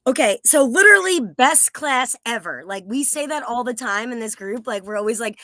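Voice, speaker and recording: Excitable American woman, bright voice. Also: fairly high pitch, moderate pace, hardly any pauses, dry recording. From United States. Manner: excited, rambling, swears freely. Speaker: class participant. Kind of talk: casual group video call.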